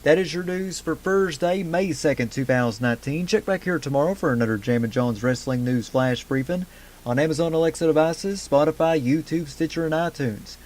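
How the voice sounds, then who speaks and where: A man's voice: on the high side, a little mellow. A man hosting a wrestling news podcast, reading the day's stories from a script and adding casual fan asides. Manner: brisk headline delivery with casual fan asides. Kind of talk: news roundup read from a script.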